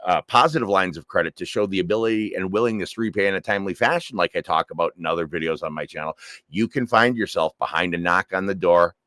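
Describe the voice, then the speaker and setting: A man's voice: low-pitched, fast talker, bright, forceful tone, no echo, studio quality. A man, a credit coach, talking casually straight to his own camera as he tells a story and hammers home his advice with repeated phrases. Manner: conversational, repeats points for emphasis. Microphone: self-filmed camera.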